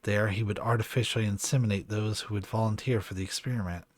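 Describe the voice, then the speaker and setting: A man reading a calm male researcher. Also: lowish voice, fast talker, no echo, lightly acted. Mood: explaining.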